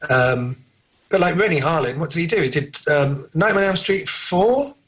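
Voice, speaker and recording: A man's voice: on the high side, animated, moderate pace, a bit bright, poor audio. A man co-hosting a casual film podcast, rambling through trivia with many fillers and restarts. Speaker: podcast co-host.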